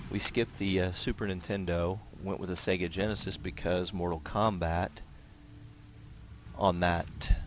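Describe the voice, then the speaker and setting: Deep-voiced man rambling over gameplay. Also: a little hiss or hum. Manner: relaxed rambling, frequent fillers and restarts. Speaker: gameplay commentator. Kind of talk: casual gameplay commentary.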